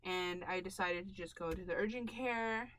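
Woman, bright forceful voice, animated storytelling, swears a lot, laughs often. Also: fairly low pitch, moderate pace, rough recording. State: pregnant. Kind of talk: casual storytelling chat.

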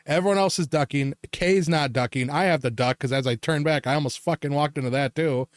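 A young man co-hosting a podcast in casual chat, telling animated stories with lots of swearing and laughter. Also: on the high side, a little fast, no room sound, studio quality. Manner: swears a lot, laughs often, animated storytelling. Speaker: podcast co-host.

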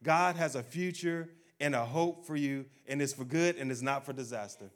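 A man preaching a sermon, speaking directly to his congregation and acting out people's doubts in a low, quiet voice. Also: normal speed. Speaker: pastor.

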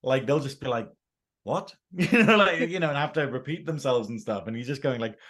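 A man's voice: medium pitch, animated, fairly quick, a bit bright. Laughing English man in casual chat. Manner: laughs often, drops into jokey put-on accents. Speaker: podcast co-host. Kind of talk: casual chat reviewing a TV episode.

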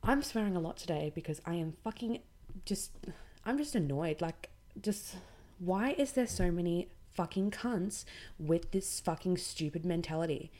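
Low-voiced sweary Australian woman ranting. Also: lively intonation, normal speed, mellow. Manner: blunt, sweary, exasperated. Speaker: podcast host. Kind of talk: casual ranting monologue.

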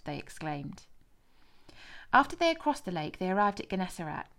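A woman's voice: lowish voice, very animated, normal speed, gravelly, a bit bright. Woman reading scripture aloud. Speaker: scripture reader. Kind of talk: scripted narration.

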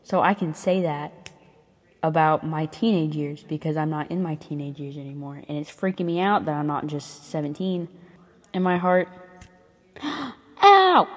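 Rambling young woman, lower voice, reverb. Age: 20s. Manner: rambling and chatty, full of fillers and swearing; sometimes drops to a whisper. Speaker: ASMR creator. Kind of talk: casual ASMR chat. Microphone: close ASMR mic.

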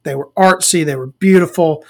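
A tired man hosting a solo podcast from a small dark room at home, talking casually into a desk microphone and rambling between jokes with lots of fillers. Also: on the high side, moderate pace, gravelly. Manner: rambling and joking, with many fillers. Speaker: podcast host.

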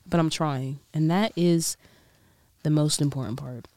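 A young woman vlogger chatting casually about TV shows in a put-on British accent, slangy and animated, with whispered asides. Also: low-pitched, takes it slowly, pauses often, no echo, clean studio sound. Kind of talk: casual chat recapping TV shows.

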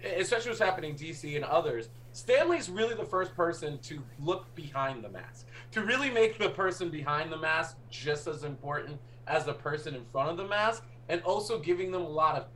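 A man's voice: fairly high pitch, expressive, brisk, few pauses, a bit bright, a little hiss or hum. A man co-hosting a casual podcast chat, enthusiastic and laughing often. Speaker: podcast co-host.

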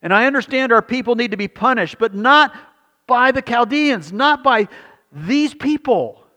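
A man's voice: very high-pitched, expressive, moderate pace, bright, forceful tone, in a large hall, voice pushed up, heavily acted. A man voicing an anguished ancient male prophet, pleading in a raised, emphatic voice.

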